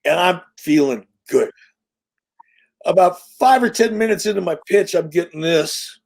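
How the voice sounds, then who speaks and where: Animated older man telling stories. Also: high-pitched, unhurried, gravelly. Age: 60s. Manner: animated, profane, punchy storyteller. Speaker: interview guest. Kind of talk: casual storytelling.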